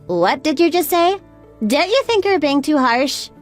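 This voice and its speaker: A woman's voice: sits high, big pitch swings, measured pace, faint music behind. A woman voicing a stressed young mother who pleads and sounds upset. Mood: distressed.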